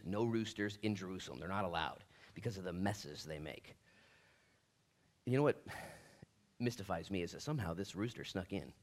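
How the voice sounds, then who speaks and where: A middle-aged male pastor preaching a sermon in a lively, animated way, acting out the voices of people in the story. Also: fairly low pitch.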